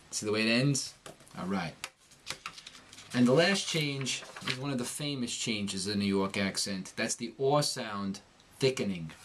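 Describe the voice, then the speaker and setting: A man teaching an accent lesson, explaining the sounds and repeating drill words slowly and clearly. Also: fairly low pitch, expressive, fairly bright tone. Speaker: accent coach.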